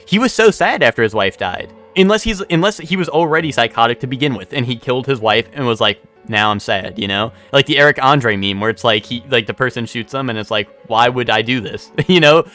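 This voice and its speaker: A man's voice: medium pitch, a bit bright. A man streaming a video game, rambling in casual commentary, swearing often and repeating himself.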